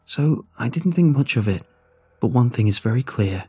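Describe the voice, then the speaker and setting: A man's voice: mid-range voice, lively intonation, normal speed, dark tone, husky. A man voicing a serious, blunt male crewman who gives urgent warnings in a story reading. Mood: grave.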